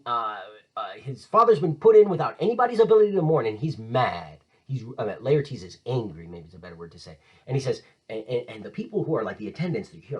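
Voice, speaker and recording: Husky, lively male teacher. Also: mid-range voice, rough recording. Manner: enthusiastic, conversational, paraphrases lines in modern slang. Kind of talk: casual literature lecture.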